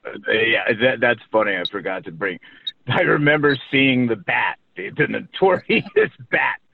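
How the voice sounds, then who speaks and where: Tinny-sounding man reminiscing, halting and rambling. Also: medium pitch, animated, vocal fry, husky. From New York. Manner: rambling, halting, full of restarts and warm recollection. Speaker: guest recalling a childhood acting career. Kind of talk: casual interview over a call. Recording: tinny phone-like line.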